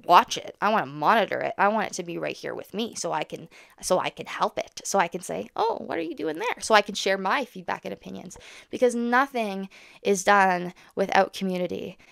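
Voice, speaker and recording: A woman vlogging candidly to camera. She talks fast, rambles and swears frankly. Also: mid-range voice, vocal fry, fairly bright tone, smooth, dry recording, clean studio sound. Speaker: autism content creator.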